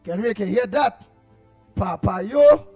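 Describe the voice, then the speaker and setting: A man with a Trinidadian accent hosting a casual call-in radio show, excitable and repeating his words as he reads out listener messages. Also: high voice, a little slow, no echo, soft background music.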